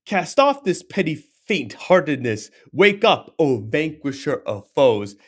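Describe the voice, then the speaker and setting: A man in his twenties reading out the words of a stern divine male charioteer, declaiming them in a raised, loud voice. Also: on the high side, big pitch swings, slow pace, heavily acted. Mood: rousing, stern. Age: 20s.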